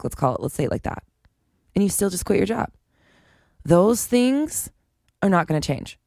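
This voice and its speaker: A woman's voice: deep voice, darkish tone, no room sound, studio quality. A woman hosting a solo podcast, talking frankly and chattily, swearing now and then and laughing between points. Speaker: podcast host. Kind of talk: casual solo podcast monologue.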